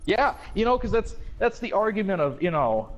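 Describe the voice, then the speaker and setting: A man in casual chat with a friend, laughing often and reading words aloud in a slow mocking drawl. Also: high-pitched, sing-song, soft background music.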